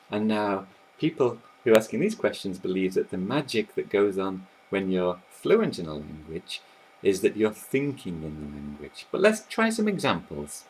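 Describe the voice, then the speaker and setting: A man teaching about language learning, explaining in a lively, animated way while sketching on a board. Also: on the low side, breathy edge, poor audio. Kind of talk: explanatory video talk.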